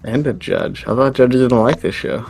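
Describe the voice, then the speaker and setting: A man's voice: mid-range voice, moderate pace, vocal fry, darkish tone, soft background music. A man playing a tabletop game, chatting in a laid-back, plain-spoken way. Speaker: player. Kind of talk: casual chat at a game table.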